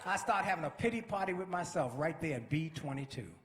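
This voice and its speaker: A man giving a motivational speech with an energetic, preacher-like delivery that builds to shouts. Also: a little high, brisk, reverberant. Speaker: motivational speaker. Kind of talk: inspirational speech.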